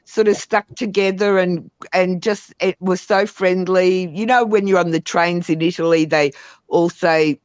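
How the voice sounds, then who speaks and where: A woman's voice: fairly low pitch, steady tone, a little slow, darkish tone, clean tone, no echo, highs cut off. A middle-aged Australian woman, a panel guest, rambling on in a chatty casual chat full of reminiscences.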